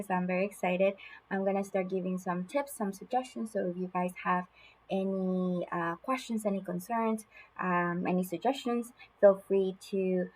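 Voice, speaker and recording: A woman showing how to read a picture book aloud to a toddler, in an expressive sing-song way with gasps, then giving tips to parents. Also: medium pitch, slight background noise, poor audio.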